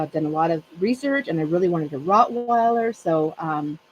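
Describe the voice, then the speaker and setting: A woman's voice: on the low side, animated, moderate pace, highs cut off, a little hiss or hum. A middle-aged woman hosting a casual chat with friends, telling a rambling story and laughing often. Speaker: channel host.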